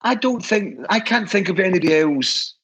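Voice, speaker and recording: A man's voice: high voice, lively intonation, normal speed, a bit bright, slightly rough, poor audio. A Scottish man, a guest who heads a historical society, telling stories in an enthusiastic, rambling way with many restarts. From Scotland. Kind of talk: casual storytelling chat.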